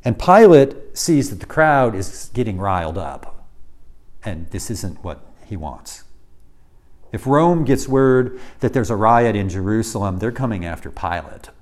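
A male Bible teacher with an animated, swinging pitch. He explains the passage conversationally, stopping and restarting phrases as he builds emphasis. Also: a little slow. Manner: animated, with restarts and varied loudness.

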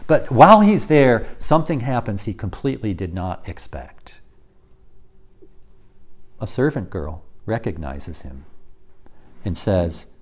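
Man preaching with lively, swinging pitch. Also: measured pace, pauses often. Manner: dramatic storytelling, dropping to quiet intensity; acts out quoted lines. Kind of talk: sermon.

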